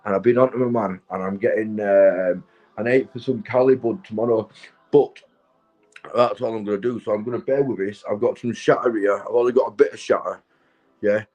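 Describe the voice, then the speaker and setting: A middle-aged man, drunk and high, rambling and swearing to his livestream viewers from his sofa at home. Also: steady tone, brisk, a little mellow, rough recording. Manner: rambling, swearing, keeps asking "do you know what I mean". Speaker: livestream host. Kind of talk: rambling casual livestream chat.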